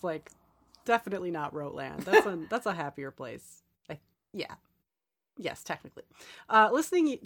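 A woman hosting a casual podcast chat, reading out listener mail with giggly, self-deprecating asides. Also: lowish voice.

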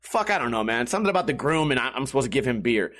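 A man's voice: mid-range voice, big pitch swings, rapid-fire, fairly bright tone. Rambling, profane man telling a story. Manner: rambling, profane, laughs often. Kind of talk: casual storytelling monologue.

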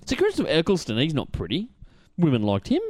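A man with an Australian accent hosting a casual podcast, animated and swearing freely. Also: on the high side, fast talker, dry recording, clean studio sound. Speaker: podcast host.

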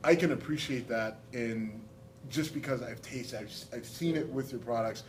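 A man's voice: mid-range voice, moderate pace, slight background noise, low-quality recording. A man hosting an interview, casual and agreeable, with plenty of fillers. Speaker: interviewer, host.

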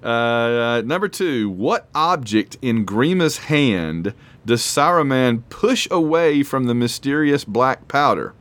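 A man's voice: mid-range voice, animated, takes it slowly, a bit bright. A man hosting a casual trivia quiz, rambling and self-deprecating as he reads questions and reacts. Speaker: quiz host.

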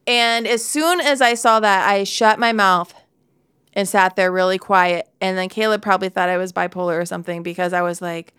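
A woman's voice: mid-range voice, fairly even intonation, normal speed, fairly bright tone, clear, resonant tone, dry recording. A woman in her forties giving a candid devotional Bible talk, telling a personal story with laughs and asides, into a close studio mic.

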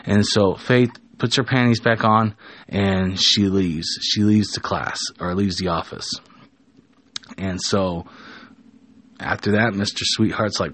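A man's voice: on the low side, fairly even intonation, slow pace, a bit bright, slight background noise. A man casually telling an improvised story, often stopping and correcting himself. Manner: casual, with frequent restarts and self-corrections. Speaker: storyteller and show host.

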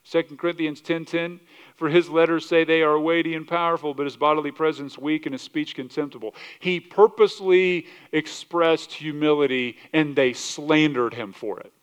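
A male pastor preaching a sermon, animated, asking rhetorical questions and often restarting his words. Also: fairly high pitch, moderate pace, clean tone. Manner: animated, rhetorical questions, acts out quoted voices; repeats words and restarts mid-sentence.

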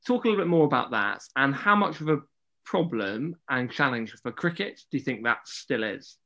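A male interview host with a bright, sharp tone. He frames his questions conversationally, with a few fillers as he works his way to the point. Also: medium pitch, animated, moderate pace. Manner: conversational, hesitant fillers while framing questions.

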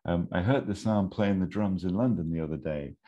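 A man's voice: low voice, dark tone, muffled recording, voice pushed up, close to an everyday voice. A man putting on the voice of a simple, polite, earnest grown man who calls others sir. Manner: polite, slow and plain.

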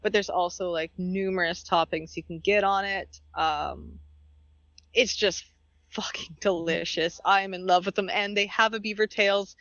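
A woman's voice: medium pitch, fairly even intonation, normal speed, fairly bright tone, dry recording, dull audio. A Canadian woman co-hosting a podcast, chatting casually, laughing often and swearing freely. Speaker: podcast co-host. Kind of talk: casual chat.

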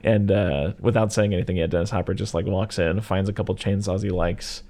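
A man with a lowish voice talks films in a loose, casual way. He rambles, with lots of fillers and asides, like a friend chatting on a podcast. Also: fairly even intonation, a little fast, mellow. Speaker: podcast co-host. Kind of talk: casual chat about movies.

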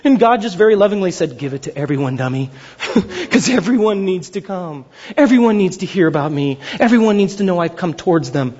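Young male pastor, lively storytelling sermon, raspy tone, muffled church recording. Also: high voice, a little fast. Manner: conversational storytelling, lively and self-deprecating. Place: church sanctuary. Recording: dull lo-fi sound.

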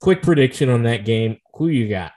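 A man's voice: medium pitch, expressive, moderate pace, mellow. A man co-hosting a casual podcast, rambling easily about whiskey flavors and college football. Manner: easygoing, rambling, tasting-note descriptions. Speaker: podcast co-host. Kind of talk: casual chat about sports and whiskey tasting.

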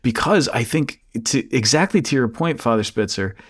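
A man's voice: medium pitch, lively intonation, husky. A man, a priest hosting the conversation, speaking thoughtfully with many restarts. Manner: thoughtful, halting, with repeated restarts. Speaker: host, a priest. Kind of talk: interview conversation.

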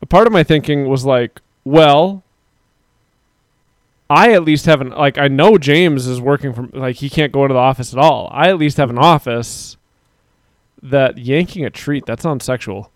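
A man's voice: mid-range voice, moderate pace, no echo. A man in his thirties co-hosting a casual streamed chat show, rambling with frequent laughs and casual swearing. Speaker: podcast co-host.

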